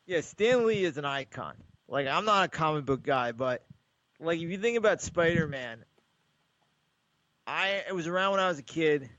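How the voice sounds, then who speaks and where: A man's voice: a little high, fairly bright tone, dry recording, lo-fi sound. A man co-hosting a podcast, chatting casually and rambling through stories while acting out the voices of callers. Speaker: podcast co-host. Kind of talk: casual sports chat.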